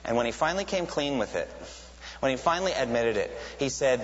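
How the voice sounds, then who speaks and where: A man's voice: mid-range voice, lively intonation, fairly quick. A man preaches a sermon in an earnest, teaching manner, his voice lifting sharply whenever he quotes someone crying out. The sound is lo-fi and a little dull, with a long hall reverb trailing each phrase and a faint hiss underneath. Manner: earnest teaching tone, rises sharply when quoting cries.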